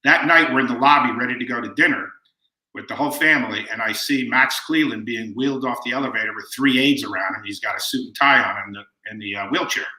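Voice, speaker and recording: A man in his fifties, a guest author telling family stories in a relaxed way and acting out the quoted lines. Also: medium pitch, fast. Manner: relaxed anecdotal storyteller who acts out quoted lines. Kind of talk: storytelling in conversation. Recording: roomy echo.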